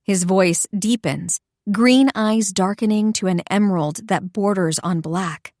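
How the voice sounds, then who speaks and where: Lady reading a romance audiobook in first person, expressive, mid pitch, dry close sound. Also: a little slow, no echo. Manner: expressive, intimate storytelling. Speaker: audiobook narrator.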